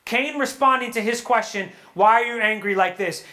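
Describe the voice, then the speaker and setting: Bright-voiced man preaching earnestly. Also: extremely high pitch, moderate pace. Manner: earnest, animated, acts out quotes and prayers. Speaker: speaker at a young adult retreat. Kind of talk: sermon. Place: hall with a live audience.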